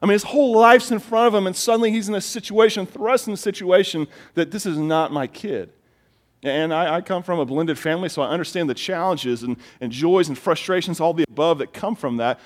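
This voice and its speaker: A middle-aged man preaching a sermon as pastor, telling stories in an animated way and often repeating words as he gets excited. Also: fairly high pitch, brisk.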